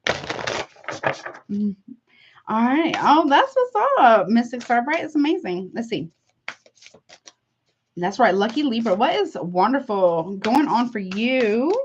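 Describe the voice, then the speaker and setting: A woman's voice: a little high, slight background noise. Chatty woman tarot reader, dull audio. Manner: chatty, heartfelt, calls listeners honey. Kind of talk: casual tarot reading to viewers.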